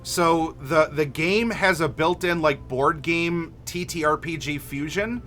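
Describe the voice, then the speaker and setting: A male streamer talks casually to his chat, rambling and full of filler words. His voice sits a bit high and sounds bright and forceful. Faint music plays under him. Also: measured pace. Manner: rambling, reads chat messages aloud with many fillers.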